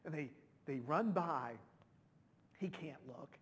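A man's voice: fairly high pitch, expressive, takes it slowly. A middle-aged man, a pastor, telling a personal story in a sermon, emotional and conversational with many restarts. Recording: long hall reverb.

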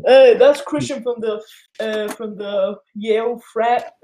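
A man's voice: high-pitched, fairly even intonation, takes it slowly, dark tone, slight background noise. A teenage guy from Denmark co-hosting a podcast, chatting loosely, giggling and swearing often. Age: teens. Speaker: podcast co-host. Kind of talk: casual chat.

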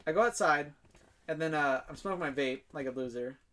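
A man's voice: fairly high pitch, brisk, pushed and bright. A young man telling a rambling story in casual chat, full of fillers and swearing and laughing as he goes.

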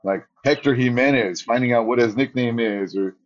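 A man's voice: medium pitch, moderate pace, lo-fi sound. A man, a ring announcer, telling stories in a casual interview and acting out his own quotes with a raised voice.

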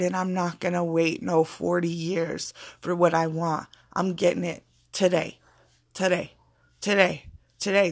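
A woman's voice: on the low side, gravelly. A woman giving a casual spiritual pep talk in an emphatic, repetitive way, with blunt swearing. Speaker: motivational speaker.

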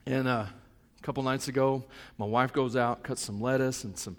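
A middle-aged male pastor preaching a sermon, moving between soft, reflective asides and loud, fervent stretches. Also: mid-range voice, steady tone, moderate pace, long reverb tail.

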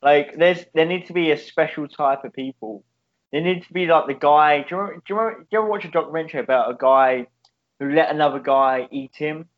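A man's voice: on the high side, quick pace. A man co-hosting a podcast in casual chat, rambling and swearing, laughing often. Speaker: podcast co-host. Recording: dull lo-fi sound.

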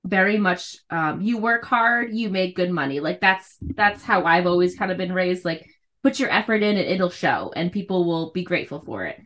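A woman's voice: on the low side, animated, normal speed, a bit bright. Brief: woman in her thirties, podcast co-host, chatty storyteller who acts out every quote and laughs a lot. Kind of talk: casual chat, storytelling.

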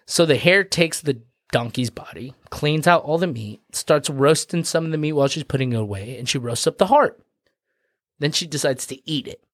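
A man's voice: a little high, animated, moderate pace, fairly bright tone, dry recording, clean studio sound. A man co-hosting a podcast, retelling a folk tale in a casual, profane, rambling way. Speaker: podcast co-host and storyteller. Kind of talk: casual comedic storytelling.

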